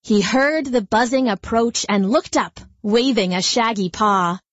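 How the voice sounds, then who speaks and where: A woman narrating a children's story in a gentle, lively storytelling manner. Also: fairly high pitch, a little slow, no room sound, dull audio.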